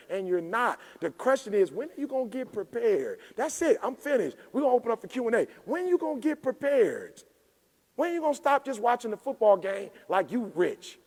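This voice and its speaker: A man delivering a fiery motivational keynote from a conference stage, his voice pitched high with a gravelly, frying edge. He preaches emphatically and builds to shouted peaks, while the hall throws back a long, reverberant tail.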